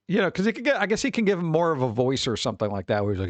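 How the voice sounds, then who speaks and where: Animated streamer man, lively pitch. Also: racing, few pauses, dry recording. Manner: animated, chuckling, drifts into mock voices for animals. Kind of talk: casual chat reacting to pet pictures.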